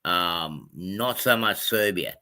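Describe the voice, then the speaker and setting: A man's voice: deep voice, lively intonation, slow, sharp tone. A man from Australia chatting casually on a livestream, rambling with many ums and self-corrections. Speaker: livestream host.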